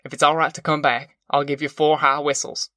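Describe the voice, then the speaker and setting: A man voicing a calm, weary former preacher with a plain folksy drawl, in an audiobook. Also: fairly high pitch, a little fast, no room sound, studio quality. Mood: steady, urgent.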